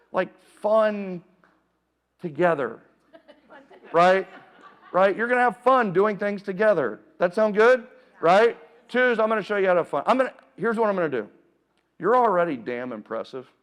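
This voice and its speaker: Energetic man working a seminar crowd. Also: high voice. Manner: energetic, playful, calls out to the crowd. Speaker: keynote speaker. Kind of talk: live seminar talk to an audience. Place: event room with a live audience.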